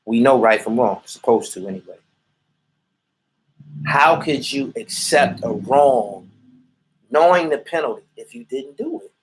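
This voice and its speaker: A man's voice: mid-range voice, expressive, a little slow, long pauses, rough recording. A man from Erie, ranting bluntly and profanely in a livestream while reacting to viewer comments. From Erie, Pennsylvania. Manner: blunt, repetitive, profane street talk. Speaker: vlogger reading viewer comments.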